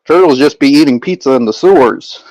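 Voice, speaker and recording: A man's voice: mid-range voice, expressive, brisk, darkish tone, dry recording, rough recording. A young man streaming and chatting casually with his viewers, rambling with lots of fillers and restarts.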